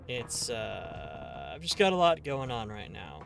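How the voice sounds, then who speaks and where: Chatty male game streamer, bright voice. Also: fairly low pitch, sing-song, unhurried, vocal fry, hardly any pauses, soft background music. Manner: chatty, joking, warmly greets viewers as darling. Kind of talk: casual live-stream commentary.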